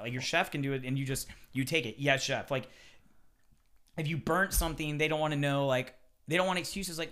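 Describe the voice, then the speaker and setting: A man who works as a chef, talking casually on a podcast and swearing freely as he acts out kitchen quotes with animated energy. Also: on the high side, fairly quick.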